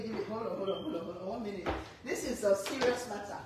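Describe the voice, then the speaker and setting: A woman and mother chatting casually to camera, lecturing her kids in a half-joking, animated way with lots of repetition. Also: a little high, normal speed, long pauses. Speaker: cooking vlogger and mother. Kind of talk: casual family chat to camera. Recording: echoey room, faint background noise.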